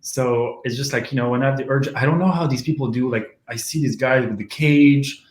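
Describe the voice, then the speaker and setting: A man's voice: mid-range voice, a little fast, darkish tone. A man of about thirty from France with a French accent, talking candidly as an interview guest, joking and laughing often. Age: around 30. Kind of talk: casual interview chat. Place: home kitchen. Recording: roomy home kitchen sound.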